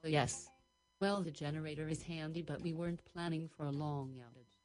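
A woman doing a calm, practical man. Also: deep voice, fairly quick, natural voice.

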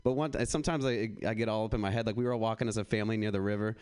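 Man, stand-up comedy, laid-back and rambling, smooth resonant voice, lowish pitch. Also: fairly even intonation, rapid-fire, darkish tone. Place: comedy club stage.

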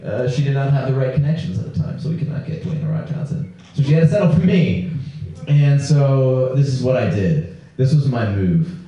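A man doing a stand-up set at a small comedy venue, deadpan and self-mocking, slowing down for his punchlines. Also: medium pitch. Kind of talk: open-mic stand-up set. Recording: roomy live recording from far off, dull sound.

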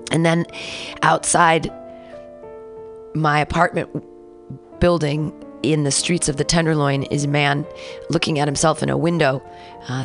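A young adult woman, a comedian hosting a podcast, who reads texts aloud and breaks into sudden excited outbursts. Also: low-pitched, a little slow, pauses often, soft background music. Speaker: podcast host and stand-up comedian. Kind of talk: casual podcast reading and commentary.

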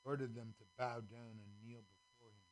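A man's voice: mid-range voice, normal speed, slight background noise. A man reading a children's story aloud on a radio show, acting out the characters. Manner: expressive, acts out the characters, varies loudness a lot.

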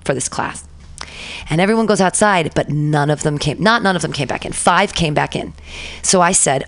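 A woman telling a profane, animated story from her past as a guest in a casual interview. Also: sits low, a little fast, gravelly.

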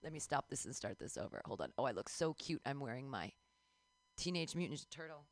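A woman's voice: rumbling low, very animated, fast, dry recording. A woman in her fifties hosting a radio show, talking candidly and critically about her own comedy. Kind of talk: casual radio chat.

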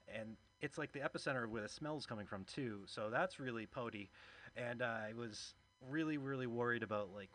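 A man performs a loose, self-deprecating stand-up set, telling his story as if chatting with the crowd. His voice sits at an ordinary middle pitch. A little room noise is faintly heard behind him. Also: fairly bright tone. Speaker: stand-up comic and open mic host.

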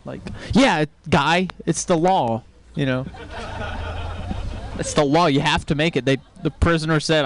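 A man from Texas doing stand-up, delivering deadpan one-liners and breaking into sudden shouts. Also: on the high side, measured pace. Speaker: stand-up comedian. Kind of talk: stand-up comedy set.

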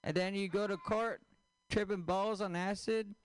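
A man doing a stand-up comedy set, deadpan, with crude punchlines and questions thrown at the audience. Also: high voice, moderate pace, clean tone.

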